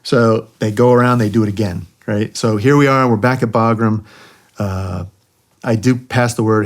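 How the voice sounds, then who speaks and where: A middle-aged man, a former helicopter pilot, telling war stories as a podcast guest, animated, with dry jokes. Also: fairly low pitch, normal speed. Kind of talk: storytelling in a podcast interview.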